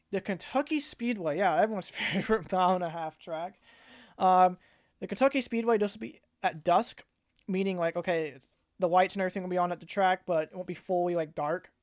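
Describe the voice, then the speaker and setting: A young man hosting a casual livestream announcement as a league organizer, rambling and often correcting himself mid-sentence. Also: high-pitched. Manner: rambling, frequent self-corrections and restarts.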